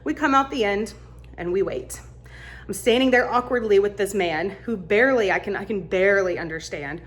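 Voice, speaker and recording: A woman casually telling a funny travel story, animated and laughing as she acts out what people said. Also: medium pitch, moderate pace. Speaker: vlogger.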